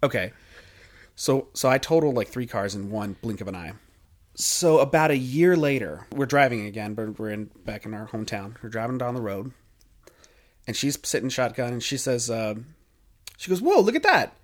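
A man co-hosting a podcast, telling a story in a casual, animated way and acting out quotes. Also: moderate pace. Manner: animated, acts out quotes in high voices. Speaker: podcast co-host.

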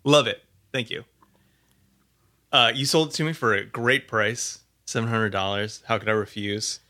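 A man hosting a casual podcast chat, easygoing and quick with his asides. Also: fairly low pitch, fairly even intonation, bright, forceful tone. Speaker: podcast host.

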